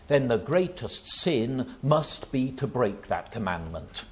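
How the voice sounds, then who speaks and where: A man preaching a sermon, building to loud emphatic stresses on key words. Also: lowish voice, slow pace, muffled recording.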